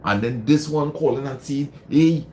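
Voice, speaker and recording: A man's voice: mid-range voice, very animated, measured pace, slight background noise. A man hosting a live stream, giving casual motivational advice, repeating phrases for emphasis and answering viewer comments. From Trinidad and Tobago.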